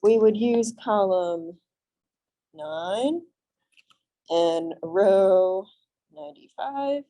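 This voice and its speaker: A young female math instructor teaches a college lecture in a classroom that is also streamed on a video call. Friendly and reassuring, she checks in with students often. Her medium-pitched, dark voice is expressive but very slow, with long pauses, on a rough recording.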